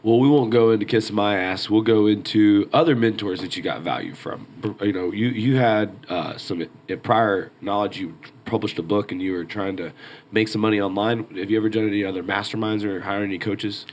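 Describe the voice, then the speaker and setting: A man's voice: on the low side, fairly quick, slight background noise. A man hosting an interview, casual and joking as he prompts his guest. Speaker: host. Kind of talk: interview conversation.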